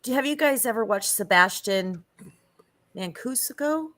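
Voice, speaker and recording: A woman's voice: on the high side, lively intonation, a little slow, fairly bright tone. A woman co-hosting a podcast in casual chat, chiming in with short reactions. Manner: chimes in with short reactions and laughs. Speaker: podcast co-host.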